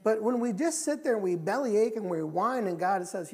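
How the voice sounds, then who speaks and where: A middle-aged man preaching a sermon in a church. He talks emphatically, repeats his key phrases, and moves between loud and quiet passages. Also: high-pitched, lively intonation, normal speed. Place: church sanctuary.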